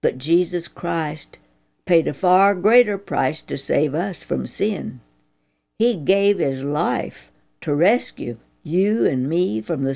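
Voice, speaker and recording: A woman narrating a children's Bible story slowly and earnestly, her voice rising high in the tense moments. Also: vocal fry, mellow.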